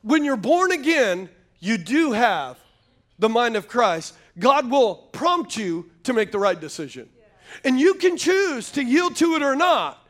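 A man's voice: extremely high pitch, big pitch swings, measured pace, fairly bright tone. A man preaching a sermon, telling folksy stories and calling out to the congregation. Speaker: pastor.

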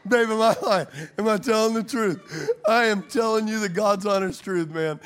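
A male pastor preaching a sermon to a congregation, telling animated, joking stories and laughing often. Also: high-pitched, normal speed. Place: church service before a congregation.

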